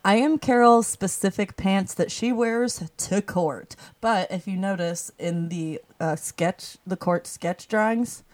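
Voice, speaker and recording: A woman's voice: mid-range voice, slow pace, few pauses, a little mellow. A woman co-hosting a podcast in an attic, chatting casually in a rambling way and laughing mid-sentence. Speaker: podcast co-host. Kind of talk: casual chat.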